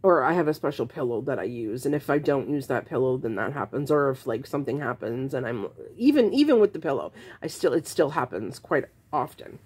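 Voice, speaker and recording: A woman's voice: a bass voice, expressive, a little fast, hardly any pauses, darkish tone, slightly rough. A woman vlogging to camera, frankly telling her own story in a casual, exasperated way, rambling with restarts.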